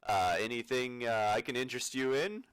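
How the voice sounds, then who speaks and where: A man voicing a pushy male shopkeeper in a tabletop game, eagerly pitching extra wares. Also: brisk, fairly bright tone, clear, resonant tone, no room sound, natural voice. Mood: eager upselling. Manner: eager, wheedling salesman patter.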